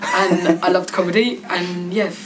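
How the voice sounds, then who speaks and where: A woman's voice: lowish voice, fairly even intonation, normal speed, music in the background. A woman from suburban London, chatting as a comedian guest in a casual, self-deprecating, giggly way. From London suburbs, England. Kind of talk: casual backstage interview. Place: backstage at a venue. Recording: distant mic with background noise.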